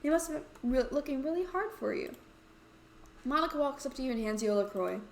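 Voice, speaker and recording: A woman with a fairly high voice reads a narrative game aloud, dropping in playful, chatty comments. Her voice echoes around the room over a faint hum. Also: expressive, fast. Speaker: let's play host. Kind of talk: reading a story game aloud.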